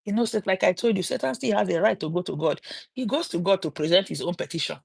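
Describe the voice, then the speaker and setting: A middle-aged woman with a Nigerian accent, telling a story on a livestream and turning it into a sermon, with animated quoted voices and preachy asides. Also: medium pitch, quick pace, gravelly, husky. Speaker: livestream host.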